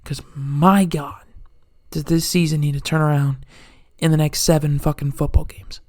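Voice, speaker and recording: A man's voice: on the high side, little pitch movement, normal speed, a little mellow, no echo. A man in a furious, profane sports rant. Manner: angry, swearing constantly, ranting. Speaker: sports fan commentator.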